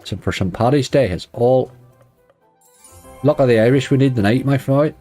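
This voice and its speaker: A man's voice: mid-range voice, normal speed, mellow, soft background music. A man hosting a late-night slots live stream, chatting casually, greeting viewers and laughing often. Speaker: slot streamer.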